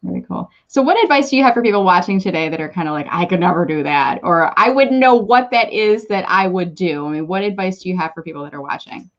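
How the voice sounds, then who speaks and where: A woman's voice: lowish voice, lively intonation, quick pace, hardly any pauses. Chatty woman host on muffled audio. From Michigan, United States. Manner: chatty and encouraging, thinks aloud with restarts. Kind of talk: casual live video interview.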